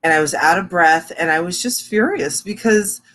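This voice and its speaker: A woman co-hosting a casual podcast, telling personal stories frankly in a rambling, animated way. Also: on the low side, moderate pace. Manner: frank storyteller, rambling, animated when quoting. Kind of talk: casual chat.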